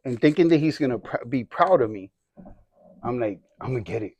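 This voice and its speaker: A man's voice: mid-range voice, expressive, normal speed, a little mellow, no room sound. A man in his forties sharing his testimony in casual storytelling, using slang and acting out the other voices in his story. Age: 40s. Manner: streetwise slang.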